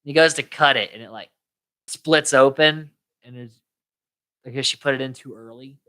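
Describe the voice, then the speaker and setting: Bright-voiced podcast co-host, casual. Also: medium pitch, moderate pace, clean tone. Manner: retells scenes, quoting characters in put-on voices. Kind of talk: casual movie recap chat.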